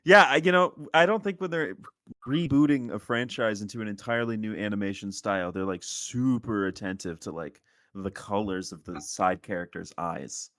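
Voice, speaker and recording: On a podcast, a male co-host rambles through casual chat, using "like" as filler constantly and laughing often. His voice is on the low side with a fairly bright tone at normal speed, recorded at studio quality with no room sound.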